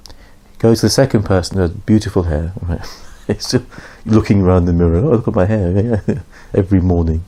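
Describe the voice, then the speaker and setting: A man's voice: low-pitched, fairly quick, mellow. A man giving an informal religious lesson, telling stories conversationally and acting out the dialogue. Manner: conversational storytelling, acts out dialogue with raised voice. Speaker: Islamic teacher.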